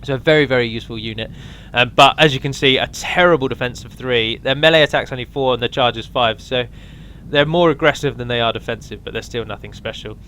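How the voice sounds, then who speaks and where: A man's voice: mid-range voice, fast, hardly any pauses, bright, forceful tone, slight background noise. A man giving a casual, rambling walkthrough of a strategy game mod, with frequent ums and restarts.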